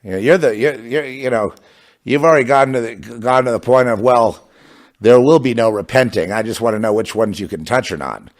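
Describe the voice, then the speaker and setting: A religious commentator delivers a fervent, sarcastic monologue in a medium-pitched voice at a slightly quick pace. His impassioned speech is punctuated by bursts of scornful laughter.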